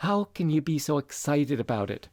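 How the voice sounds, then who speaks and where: A man voices a grieving young woman, pitching above his own voice so it sits on the high side with big swings at a moderate pace. The tone is a little mellow and upset, resentful and pleading, recorded at studio quality with no echo.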